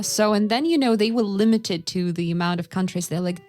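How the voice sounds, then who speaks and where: Woman telling animated stories. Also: on the low side, moderate pace, hardly any pauses, faint music behind. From Russia. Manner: animated storyteller who acts out quoted dialogue. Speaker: podcast co-host, English teacher. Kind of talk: casual podcast chat.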